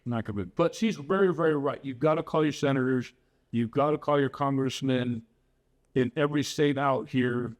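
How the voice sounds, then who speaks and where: A man hosting a podcast, talking earnestly and with strong opinions in casual political chat. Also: medium pitch. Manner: earnest and opinionated, switches into Spanish to interview. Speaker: podcast host.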